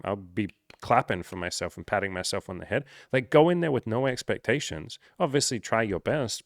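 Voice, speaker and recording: A man's voice: on the low side, fairly bright tone, no room sound, clean studio sound. A man talking as a dating coach in casual, unscripted chat, blunt, swearing freely and poking fun at himself.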